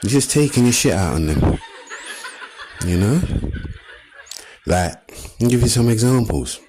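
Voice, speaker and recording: A man with a very low voice and an East London accent, performing stand-up on a comedy stage. He talks in streetwise slang and acts out his stories with plenty of energy. A faint hiss sits under the recording. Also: expressive, unhurried. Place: comedy stage before a live audience.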